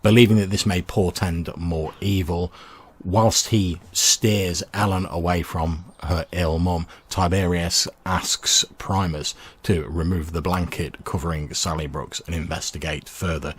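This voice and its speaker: A man's voice: sits low, unhurried, husky. A man giving a scripted narration recapping events of a tabletop game. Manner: even, storytelling recap.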